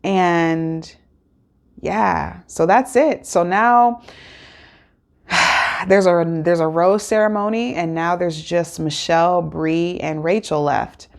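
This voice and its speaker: A woman's voice: on the low side, takes it slowly, vocal fry. Chatty woman recapping an episode. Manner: chatty, rambling, many fillers and restarts. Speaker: host.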